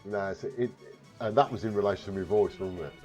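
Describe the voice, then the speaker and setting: A lowish, slightly mellow male voice with a Warwickshire accent talks a little fast in dull audio, with faint music behind it. He's casually live streaming, reading viewers' comments, rambling, self-mocking, and tossing in offhand swearing.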